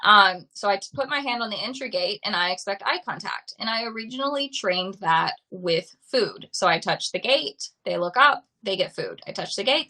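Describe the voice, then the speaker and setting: Woman, dog trainer, live-stream Q&A, bright voice, patient and repetitive explainer. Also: mid-range voice, poor audio. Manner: explains by repeating simple examples. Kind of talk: live-streamed talk answering viewer questions.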